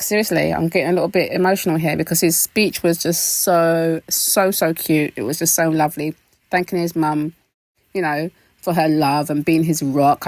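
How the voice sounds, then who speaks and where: A British woman hosting a casual, gossipy recap of a reality show, animated and quick to laugh. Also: no echo. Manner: animated, laughing, expressive pitch jumps.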